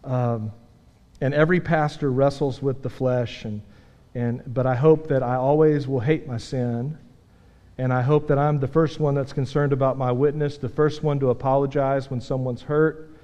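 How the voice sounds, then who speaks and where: A man preaching a sermon as pastor, earnest and emphatic, dropping from loud points to quiet self-deprecating asides. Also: medium pitch, steady tone, moderate pace, lo-fi sound. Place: church sanctuary. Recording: long hall reverb.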